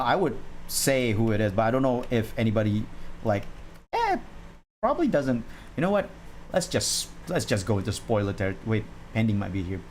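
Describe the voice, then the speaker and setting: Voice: medium pitch, darkish tone, a little hiss or hum. A drawing streamer in casual livestream chat, rambling with frequent laughs and restarts while answering chat questions.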